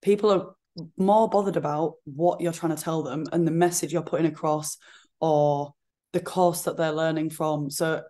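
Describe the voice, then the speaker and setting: A woman with a regional accent, a fitness coach chatting as a podcast guest, talking in an animated way with lots of "like". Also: sits low, moderate pace. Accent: regional accent she calls her own. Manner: chatty, frequent "like" fillers, animated retelling. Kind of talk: casual interview chat.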